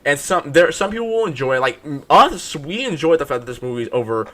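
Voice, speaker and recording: A man hosting a casual movie review chat, animated and insistent, often repeating himself. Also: a little high, fast talker, slight background noise. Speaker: movie review podcast host.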